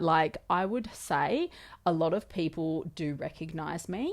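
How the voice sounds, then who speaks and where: An Australian woman in her thirties vlogs, chatting casually and telling the camera a story packed with fillers while quoting others in conversation. Her voice is lowish and gravelly.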